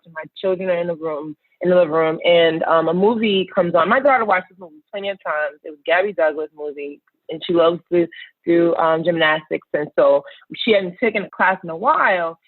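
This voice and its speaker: A woman in her thirties recounting her own experiences with earnest, searching reflection, pausing and restarting as she finds the words. Her voice arrives through a thin, phone-like line with almost no room sound around it. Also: lowish voice, dry recording. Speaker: podcast guest, entrepreneur. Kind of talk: personal storytelling in conversation. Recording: tinny phone-like line, dry.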